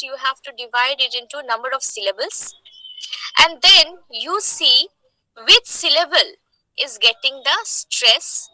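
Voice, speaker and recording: A high, bright-voiced woman lectures slowly and emphatically, like a teacher walking a class through each point. Her voice is dry and close, with no room sound around it. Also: no echo, poor audio. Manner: slow, emphatic, checks in with "okay?".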